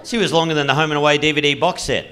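This Australian comic, originally from rural New South Wales, delivers a club stand-up set of absurd tales in a flat, deadpan style full of hesitant fillers, his slightly high voice racing along. It's a noisy live recording before an audience, and laughter can be heard.

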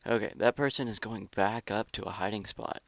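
A gaming YouTuber with a fairly low, gravelly voice narrates his own match while playing, speaking fairly quickly. In this casual commentary he gets excitable, taunts his opponents and complains about lag.

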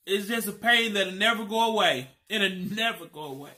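High, bright-voiced man chatting over a meal. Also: normal speed. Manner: emotional, animated storytelling. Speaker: mukbang vlogger. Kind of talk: casual chat over a meal.

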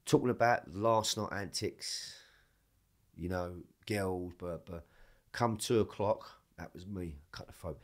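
Man, low-pitched, animated storyteller, swears a lot, casual chat. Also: a little slow. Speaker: podcast guest.

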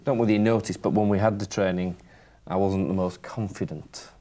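A primary school teacher with a deep, dark voice chats with his class and a colleague, sounding self-deprecating. His tone stays steady and his pace runs a little fast as he moves between classroom talk and staff conversation.

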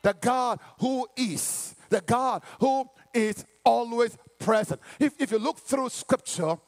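A male pastor preaching an impassioned sermon, rising into shouts and half-sung lines. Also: very high voice, slow pace.

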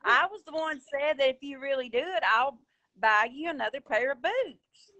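A woman's voice: sits high, moderate pace, pushed and bright, muffled recording. A woman in a live video chat, asking indignant questions and answering critics. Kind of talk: casual heated chat.

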